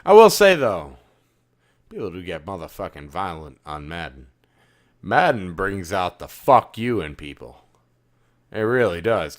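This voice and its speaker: A man co-hosting a casual gaming podcast, swearing a lot and swinging between loud outbursts and low muttering. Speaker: podcast co-host. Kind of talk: casual chat.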